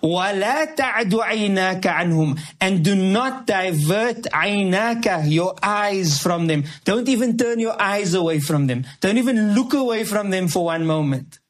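A man with a notably high voice gives a Quran commentary lesson, reciting each Arabic verse before explaining it word by word. He keeps listeners engaged with rhetorical questions and everyday examples. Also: lively intonation, normal speed, few pauses. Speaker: Islamic teacher.

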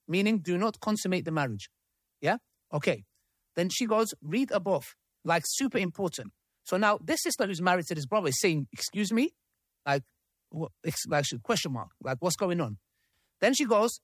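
Speaking in a high-pitched, animated voice at a moderate pace with long pauses, a man hosts a live debate panel. He reads messages aloud and pauses for asides and room checks, his pitch rising and falling widely. It's recorded close and dry, with hardly any echo.

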